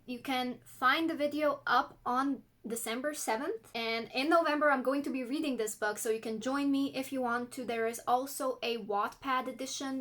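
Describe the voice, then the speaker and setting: A woman's voice: high voice, sharp tone. A woman with a non-American English accent, vlogging about books in a chatty, enthusiastic way and reading blurbs aloud. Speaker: book vlogger. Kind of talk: casual chat and reading book blurbs aloud.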